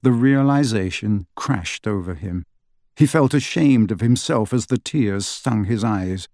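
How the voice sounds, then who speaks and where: A man reading an audiobook with steady storytelling narration. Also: on the low side, a little slow, no echo, clean studio sound. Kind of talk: scripted narration.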